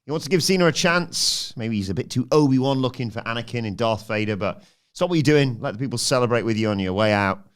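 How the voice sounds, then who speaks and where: A man co-hosting a wrestling review podcast. He recaps matches in a dry, brisk way and keeps the talk on topic. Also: mid-range voice, lively intonation, clear, resonant tone. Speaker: podcast co-host.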